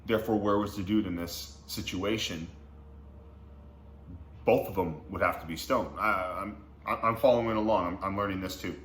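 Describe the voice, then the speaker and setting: A man reading Bible passages and explaining them in a casual, slangy way, breaking into excited asides as he teaches. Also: low-pitched, moderate pace. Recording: echoey room with faint background noise.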